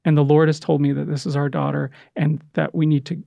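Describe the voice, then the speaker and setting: A middle-aged man telling an emotional personal story in conversation, earnest and halting, with many restarts. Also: a little high, little pitch movement, vocal fry, dark tone, no echo, lo-fi sound. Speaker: podcast guest, adoptive father.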